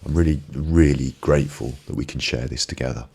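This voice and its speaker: A man with an extremely deep, gravelly voice and a husky edge gives a motivational talk on a live stream. He speaks reflectively and repeats phrases for emphasis, close on a binaural microphone. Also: fairly quick, a little mellow. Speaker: ASMR live-stream host.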